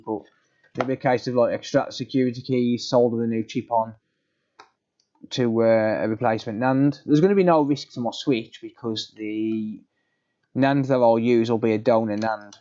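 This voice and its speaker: A man's voice: mid-range voice, warm tone, muffled recording. A man chatting casually on a live repair stream, explaining steps matter-of-factly with frequent ums. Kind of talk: casual live-stream chat answering viewers.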